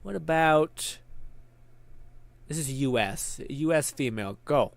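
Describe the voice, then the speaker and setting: A man's voice: on the high side, lively intonation, takes it slowly, vocal fry, no echo. A man streaming live, chatting casually, thinking aloud and laughing easily, sweaty and tired after a long stream.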